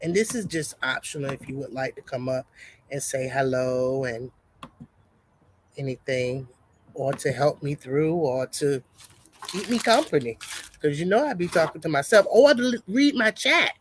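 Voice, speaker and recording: A woman chatting casually on a homestead livestream, greeting viewers and reading a product label aloud haltingly. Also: low voice, lively intonation, a little hiss or hum.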